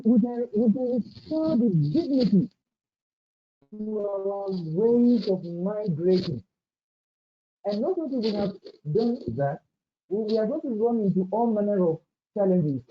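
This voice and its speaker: A woman, speaking as a panelist in an academic webinar, talking in a measured, deliberate way and using anecdotes to make her points. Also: medium pitch, slight background noise. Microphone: video call. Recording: dull lo-fi video call audio.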